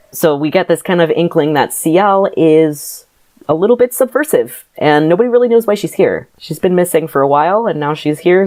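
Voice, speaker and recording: A woman's voice: on the low side, animated, a little fast, a little mellow. A young adult woman co-hosting a podcast, recapping a novel in a rambling, sarcastic way and laughing often. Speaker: podcast co-host. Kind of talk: casual chat, book recap.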